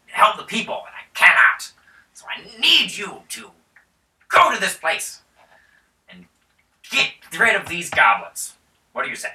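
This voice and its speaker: A grandiose, pompous baron with a lively, swooping delivery and a bright, forceful tone, as a man at the table puts him on. He is heard in a roomy space, a little back from the mic. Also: medium pitch, voice pushed up. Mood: pleading. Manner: pompous, declaiming. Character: pompous middle-aged male baron, grandiose. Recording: roomy sound from a distance.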